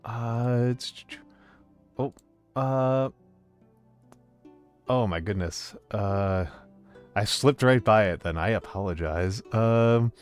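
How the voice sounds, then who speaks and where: Over soft background music, a man with a lowish, clean voice streams a game and chats slowly with viewers, leaving long pauses. He's hesitant, full of ums and uhs and frequent restarts, and warmly greets his chat.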